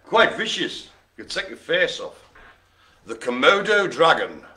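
Man, bingo host, slightly high and very animated, goofy patter. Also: measured pace. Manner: showman patter with puns and silly noises. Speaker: host of a live online bingo show. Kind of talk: jokey live bingo calling.

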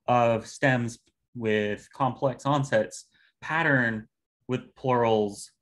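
Low-voiced man giving an academic talk. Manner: measured, explanatory, occasional fillers. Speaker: conference presenter.

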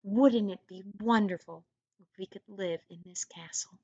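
A woman's voice: mid-range voice, moderate pace, darkish tone, dry recording, lo-fi sound, lightly acted. A teacher reading a wistful old weaver woman. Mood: hopeful. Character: poor old woman weaver, gentle and longing. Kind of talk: reading a storybook aloud to a class.

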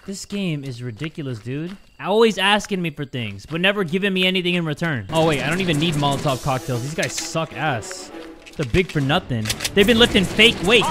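A man giving let's play commentary on a horror game, loud and crude, cracking jokes and yelling at what's on screen. His voice sits high and swings widely, with game music playing behind him. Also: animated, brisk. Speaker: gaming YouTuber.

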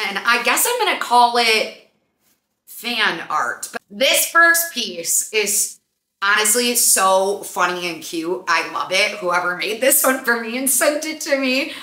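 A young woman hosting a podcast, telling a story in a chatty, animated way full of fillers. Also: medium pitch. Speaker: podcast host. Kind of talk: casual storytelling chat. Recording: echoey room.

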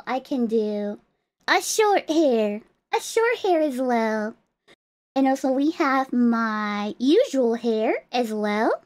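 A woman VTuber streamer showing off her outfit in a cutesy, playful, exclamatory way. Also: high-pitched. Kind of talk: casual live-stream outfit showcase.

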